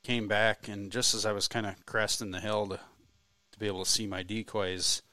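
A man's voice: lowish voice, level tone, moderate pace, sharp tone, dry recording. A man from the telling a hunting story in a laid-back, self-deprecating way on a podcast. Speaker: co-host, hunter. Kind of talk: casual storytelling chat.

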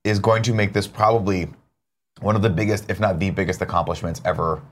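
A man co-hosting a casual morning talk show, animated and swearing as he rants about movies. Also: low voice, fairly quick, slight background noise. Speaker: co-host. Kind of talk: casual chat.

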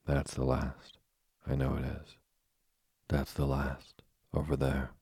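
A man's voice: extremely low pitch, completely flat delivery, takes it slowly, vocal fry, mellow, slightly rough, no echo, studio quality, exaggerated voice. A man reading aloud, voicing a fretful, whining sand-fairy creature that begs to go home. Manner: whining, insistent.

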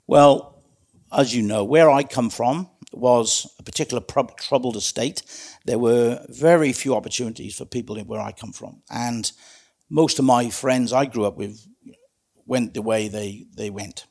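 Speaking at a moderate pace in a gravelly, slightly mellow medium-pitched voice, a middle-aged Welsh-accented man from South Wales tells his life story as an interview guest. A community safety advisor, he's earnest and frank, interrupting himself often as he reflects.

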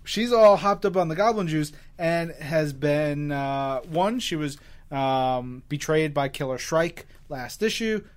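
A man from New York co-hosting a comics podcast, talking in a rambling, hesitant, excitable way. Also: on the high side, slow. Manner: rambling, hesitant, many fillers and restarts. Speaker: podcast co-host. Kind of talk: casual chat about comics.

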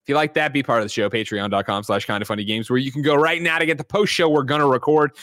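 A man hosting a gaming news show, brash and animated, reading plugs and joking with swearing. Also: mid-range voice, fast, no echo, studio quality. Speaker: host. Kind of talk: podcast show banter and plugs.

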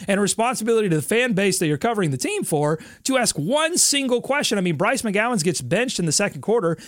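Animated, fairly high-voiced male podcast host. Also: quick pace, no echo, studio quality. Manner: animated, laughs often, builds stories. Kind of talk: casual sports podcast chat.

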